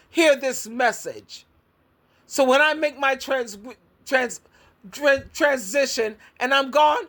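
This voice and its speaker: A woman's voice: high-pitched, fairly bright tone. An older woman who works as an advice coach and Christian counselor gives a blunt, preachy vlog monologue, repeating words for emphasis. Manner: preachy, lecturing tone.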